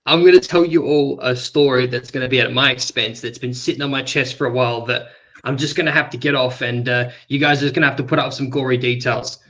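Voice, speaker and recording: A man's voice: medium pitch, fast talker, low-quality recording. Australian man telling a crude story. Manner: crude, animated storyteller, heavy swearing. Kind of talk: casual chat, storytelling.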